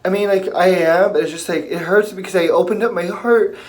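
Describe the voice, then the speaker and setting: A young man vlogging while crying on a bathroom floor, halting and full of fillers. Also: high-pitched, fairly even intonation. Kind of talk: emotional confessional vlog.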